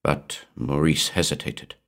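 A man reading a horror story aloud in a measured, atmospheric storytelling manner. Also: rumbling low, steady tone, vocal fry, a bit bright. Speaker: narrator. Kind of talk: scripted horror narration.

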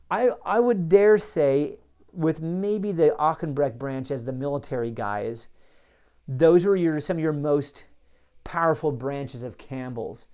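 A man hosting a solo history podcast, telling clan stories in a chatty, digressive way and often stopping to correct himself. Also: medium pitch. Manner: tells old stories in a relaxed storytelling way. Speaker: podcast host.

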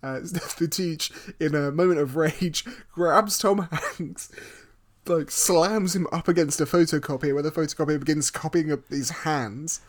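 A man's voice: fairly high pitch, unhurried. A man co-hosting a podcast, recapping a film casually with wry, joking asides. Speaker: podcast co-host.

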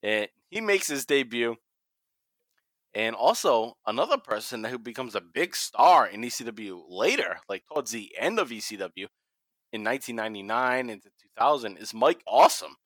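Bright-voiced Boston man hosting a podcast. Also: mid-range voice, lively intonation, moderate pace, no room sound. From Massachusetts. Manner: swears freely, laughs often. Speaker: podcast host. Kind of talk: casual podcast chat.

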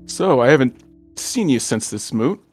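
A man's voice: mid-range voice, sing-song, moderate pace, soft background music. A man playing his character in a tabletop role-playing game, speaking hesitantly with fillers. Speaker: player.

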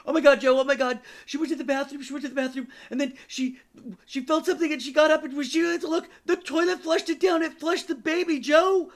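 A man's voice: extremely high pitch, fairly even intonation, fast talker, pitched above the performer's own voice. A man putting on a frantic, screaming woman hospital coordinator who keeps repeating herself. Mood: hysterical.

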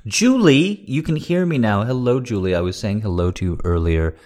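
Man, livestream host, casual chat, rambling, profane, joking, very deep voice. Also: animated, moderate pace, darkish tone. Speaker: livestream host reading requests for patrons.

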